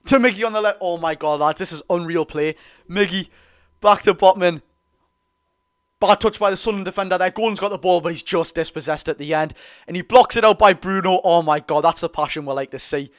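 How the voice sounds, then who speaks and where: Excitable young Geordie man calling football. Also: high-pitched, fairly quick. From North East England. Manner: excitable, partisan play-by-play. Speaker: football fan streamer. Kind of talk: live football watch-along commentary.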